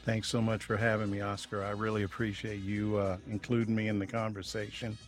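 A man's voice: fairly low pitch, flat delivery, a little fast, faint music behind. A man who is a writer and journalist, talking conversationally as a guest on a radio talk show. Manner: conversational, with frequent "you know" fillers.

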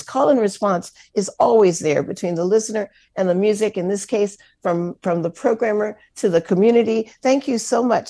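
Upbeat woman radio host, gravelly and warm. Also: mid-range voice. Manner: upbeat, encouraging, thanks callers. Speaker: radio host running a pledge drive. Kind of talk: community radio fundraising talk. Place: radio studio.

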